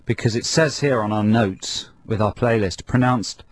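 A man's voice: lowish voice, moderate pace. A man co-hosting a radio show, bantering in a dry, teasing way.

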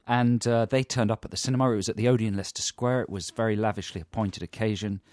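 A man's voice: fairly low pitch, steady tone, fast, a little mellow, no room sound, clean studio sound. A man, co-hosting a comedy chat show and telling a long, self-mocking anecdote. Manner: rambling, self-mocking storyteller. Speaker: radio comedy co-host.

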